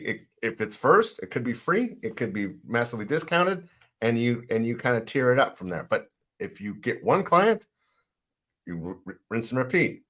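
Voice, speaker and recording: A man co-hosts a casual livestream and gives blunt, plainspoken advice. His voice is mid-pitched and even. He talks in a relaxed, conversational way. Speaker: livestream co-host.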